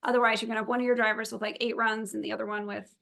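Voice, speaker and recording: A woman's voice: on the high side, little pitch movement, very fast, creaky, bright, forceful tone. A woman briefing a virtual meeting for event volunteers and drivers, upbeat, chatty and practical. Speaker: event organizer.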